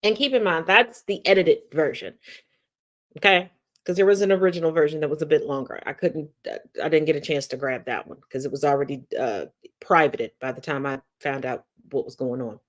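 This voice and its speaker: A woman's voice: sits low, brisk. A woman hosting a commentary video, breaking down clips in a sarcastic, mocking, pointed way. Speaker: commentary host.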